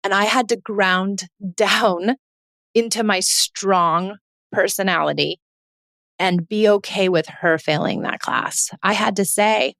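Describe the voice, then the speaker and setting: Earnest woman, 40s, podcast host, emphatic and repetitive, medium pitch, dry close-mic sound. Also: takes it slowly, a bit bright, no room sound. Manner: earnest, emphatic, repeats points. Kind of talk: casual podcast monologue.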